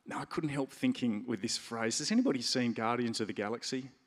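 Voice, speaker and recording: A man preaching a sermon in a conversational way, stressing key words with lively emphasis. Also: mid-range voice, brisk. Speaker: pastor. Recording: reverberant hall.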